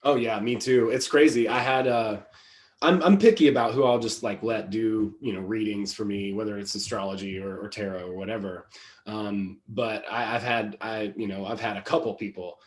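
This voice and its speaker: A man hosting a podcast, relaxed and quick to agree in casual chat. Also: lowish voice, roomy sound. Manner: easygoing, quick to agree, says "bro". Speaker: podcast host.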